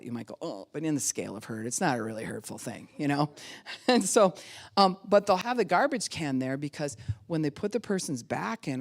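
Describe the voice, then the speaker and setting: A woman pastor preaching a sermon in an animated way, laughing often and acting out the voices she quotes. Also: deep voice.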